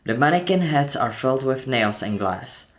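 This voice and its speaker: A man's voice: medium pitch, animated, normal speed. A man retelling a horror film scene by scene in a tense, dramatic narration, voicing the sound effects himself. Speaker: channel host narrating a film breakdown.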